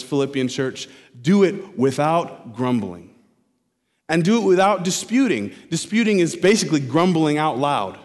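A man's voice: on the high side, darkish tone. Man preaching in a reverberant hall. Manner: expository preaching, repeats key phrases slowly for emphasis. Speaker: pastor. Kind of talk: sermon.

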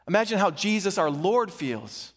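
A male pastor with a high-pitched voice delivers a sermon. He reads scripture with dramatic emphasis on the quoted speech, then preaches in a direct and challenging way. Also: big pitch swings, normal speed, fairly bright tone, big-room sound.

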